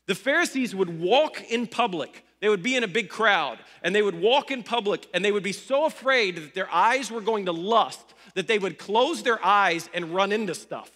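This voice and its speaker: A man's voice: sits high, moderate pace, few pauses, pushed and bright. A young man from Ohio preaching a sermon, telling stories in a conversational way with joking asides. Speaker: pastor. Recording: long hall reverb.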